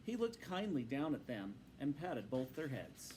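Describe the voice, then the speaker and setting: Expressive male storytelling teacher. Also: mid-range voice, unhurried, a little hiss or hum, low-quality recording. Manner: patient, instructive and expressive. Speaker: teacher reading aloud. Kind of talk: storybook narration to students.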